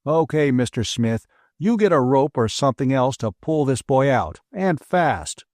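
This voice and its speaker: A man's voice: mid-range voice, very animated, measured pace, dry recording, clean studio sound. A man doing a curt, barking state trooper. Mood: stern. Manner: curt, forceful orders. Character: brusque commanding male state trooper.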